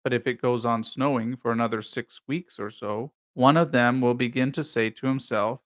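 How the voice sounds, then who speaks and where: A man reading a children's storybook aloud in a gentle narration. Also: mid-range voice, steady tone, moderate pace, few pauses. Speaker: reader.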